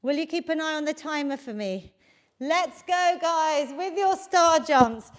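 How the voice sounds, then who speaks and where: A high-voiced woman leads a live workout class, unhurried and encouraging as she counts reps aloud. She is out of breath from exercising along, holding a handheld mic in a basement home studio. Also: expressive. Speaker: fitness instructor.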